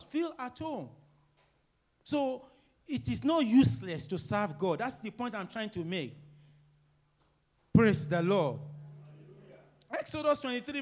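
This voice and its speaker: High-voiced preaching man with big swings. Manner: preaching with sudden loud emphatic rises and quiet low asides. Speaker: pastor. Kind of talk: sermon.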